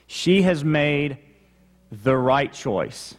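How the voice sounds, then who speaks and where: Slow, emphatic male pastor preaching. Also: fairly high pitch, expressive. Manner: explanatory teaching, emphatic repetition. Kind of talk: sermon.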